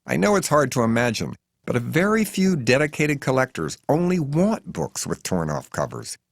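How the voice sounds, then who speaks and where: A man's voice: mid-range voice, very animated, moderate pace, gravelly, no echo, clean studio sound, pitched above the performer's own voice. A man voicing a chatty, earnest middle-aged woman who gives away used books as a cause.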